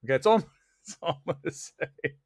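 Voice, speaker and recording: This movie review livestream host, a man with a slightly high voice and lively intonation at normal speed, gives casual, sarcastic, opinionated chat while reading viewer comments aloud. The audio is studio quality without echo.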